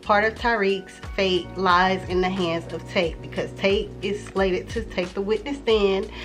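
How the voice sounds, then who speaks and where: A woman's voice: mid-range voice, unhurried, soft background music. Chatty woman recapping a TV episode. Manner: chatty, loose, many "you know" fillers; excitable, reacts with exclamations. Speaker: TV recap vlogger.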